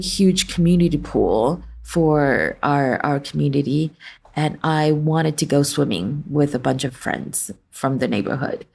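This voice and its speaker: A woman's voice: deep voice, gravelly, mellow. A woman guest in a podcast interview, earnestly telling a personal story and often restarting her sentences.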